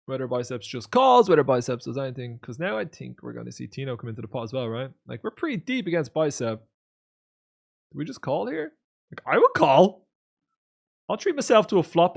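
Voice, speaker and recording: Gravelly man doing poker stream commentary. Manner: casual, swings between low mutters and loud excited outbursts; chats with viewers and reads out their comments. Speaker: poker streamer reviewing replays.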